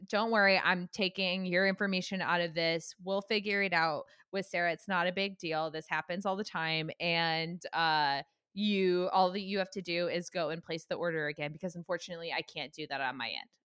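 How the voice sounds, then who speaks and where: A woman's voice: on the low side, steady tone, fairly quick, fairly bright tone, smooth, dry recording, clean studio sound. A young woman in casual chat, animatedly retelling a frustrating story with quoted dialogue, swearing and laughing.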